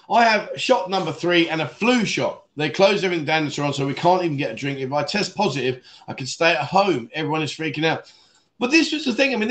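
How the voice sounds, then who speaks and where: A man's voice: on the high side, a bit bright. A man hosting a casual livestream and reading out viewer comments, rambling, laughing often and calling viewers mate. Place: Pattaya, Thailand.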